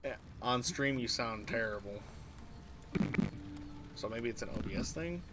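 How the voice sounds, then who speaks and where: A man's voice: mid-range voice, expressive, a little slow, loud music behind the voice. A young man chatting casually with friends during a game stream, rambling with many fillers and crude jokes. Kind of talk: casual gaming chat. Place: online voice chat.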